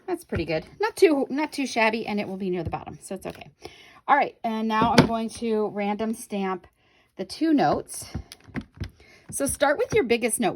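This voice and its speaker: On camera at her craft table, a woman demonstrates a paper craft while chatting with viewers and catching her own slips. She has a fairly high voice, and a little hiss or hum runs under the recording, which comes from the camera on the table.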